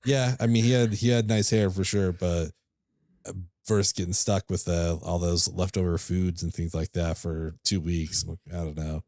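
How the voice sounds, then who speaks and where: Deep and steady, at a normal speed, this man's darkish voice comes through clean and dry from a studio. Co-hosting a podcast, he chats loosely with plenty of filler words and relaxed laughter.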